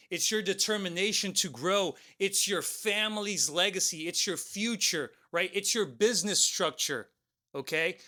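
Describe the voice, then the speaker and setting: A man's voice: high voice, sharp tone. A man co-hosting a talk show, telling a motivational story and tagging his lines with "right?" and "okay?". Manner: keeps adding "right?" and "okay?". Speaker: co-host.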